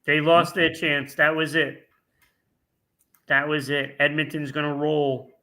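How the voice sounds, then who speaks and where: Bright-voiced man co-hosting sports talk. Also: on the high side, level tone. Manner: quick asides and wisecracks. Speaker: sports show co-host. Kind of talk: casual sports picks chat.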